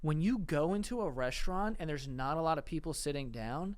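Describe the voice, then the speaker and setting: A man's voice: fairly high pitch, a little fast. A man co-hosting a podcast, talking casually and playfully with lots of fillers. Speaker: podcast co-host. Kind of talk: casual chat.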